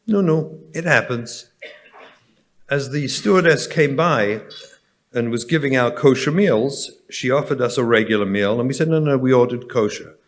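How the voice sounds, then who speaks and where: A man's voice: mid-range voice, normal speed. A man with an English accent, a rabbi giving a keynote lecture, telling an anecdote with light humor. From England.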